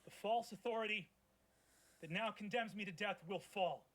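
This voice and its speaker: A man's voice: high voice, normal speed, a bit bright, pitched above the performer's own voice. A man, the game master, voicing a condemned male prisoner who pleads urgently and then speaks with proud defiance. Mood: defiant. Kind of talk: tabletop game character voice.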